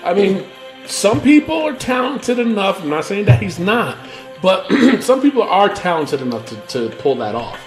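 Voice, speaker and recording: High-pitched dude ranting on a podcast, voice jumping all over, cussing a lot. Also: male voice, normal speed, soft background music. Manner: ranting, profane, animated, frequent fillers. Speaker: podcast co-host. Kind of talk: casual wrestling podcast chat.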